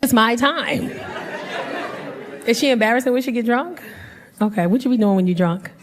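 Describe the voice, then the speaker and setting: A woman comedian performing stand-up on a club stage into a handheld mic, loud and animated, laughing as she works the crowd. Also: on the high side, quick pace, noisy background.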